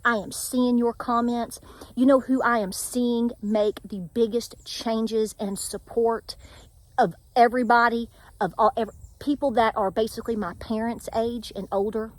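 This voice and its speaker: A woman's voice: on the high side, fairly even intonation, unhurried. A middle-aged woman with a Tennessee accent, talking in a casual vlog with earnest, preachy encouragement. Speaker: homestead vlogger. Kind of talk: casual faith-filled vlog talk.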